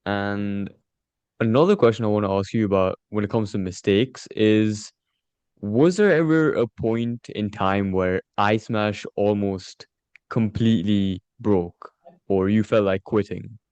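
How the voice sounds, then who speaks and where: Deep, mellow male interviewer. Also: clear, resonant tone, no echo. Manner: measured, polite questioning. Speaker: interview host, performance coach. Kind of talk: podcast interview questions.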